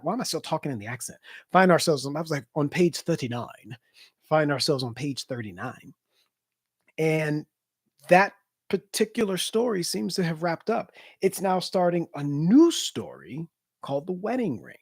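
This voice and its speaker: A man chatting casually after a live book reading, excitable and slangy, breaking into animated bursts. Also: on the high side, moderate pace, breathy edge, dry recording, studio quality. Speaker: live-stream book reader.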